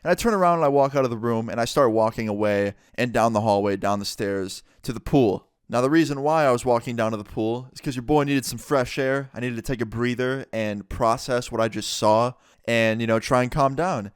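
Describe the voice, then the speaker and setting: A young man telling a personal story to camera in a casual, profane, animated way. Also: medium pitch, a little fast, clear, resonant tone, no echo, studio quality. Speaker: vlogger. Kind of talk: storytime narration.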